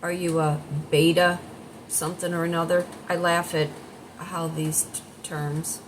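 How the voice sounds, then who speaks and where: Chatty woman in her sixties, low-voiced. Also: flat delivery, measured pace, background noise. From United States. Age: 60s. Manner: chatty, rambling, talks directly to viewers. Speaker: vlogger and life coach. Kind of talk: casual morning chat to camera.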